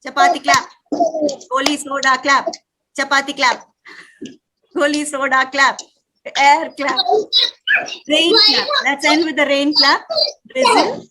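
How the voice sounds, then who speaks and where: A woman in her thirties with an Indian English accent, leading a live parent workshop and calling out clapping games in quick drills. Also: high-pitched, very noisy. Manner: lively, calls out commands in rapid drills. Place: room with a live audience.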